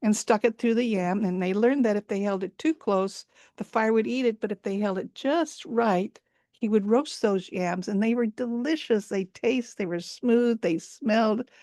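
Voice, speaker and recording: Over a live video call, a woman recounts a folk tale, dwelling on sensory details and repeating words for weight. Her voice is mellow and medium-pitched at a normal speed, with clean studio sound and no echo.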